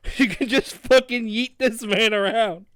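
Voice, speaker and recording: Young woman cohost, high and lively, profane and giggly, dry close mic. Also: a little slow, dry recording. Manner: loud, profane, giggly, drinking wine. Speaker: podcast co-host. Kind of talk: casual comedic book review chat.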